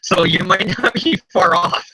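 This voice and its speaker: A man co-hosting a casual comic review, excitable and profane, quick to rant. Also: sits high, husky, no room sound, poor audio. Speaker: podcast co-host.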